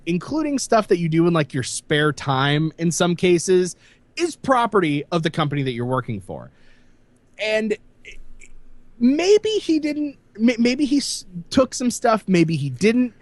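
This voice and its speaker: A man's voice: high-pitched, measured pace, no room sound. A man co-hosting a casual gaming podcast, rambling through the news with lots of fillers. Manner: animated, rambling with many fillers. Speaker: podcast co-host.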